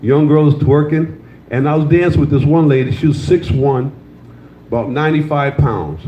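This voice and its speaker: Slightly high yet dark in tone, the older man speaks at normal speed over slight background noise. He delivers loose, crude stand-up, mixing storytelling with crowd teasing. The live club recording is roomy and a little dull.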